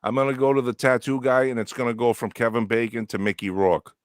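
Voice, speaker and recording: A man's voice: mid-range voice, flat delivery, fast, no room sound, studio quality. A man co-hosting a casual livestream chat, joking and crude in a laid-back way.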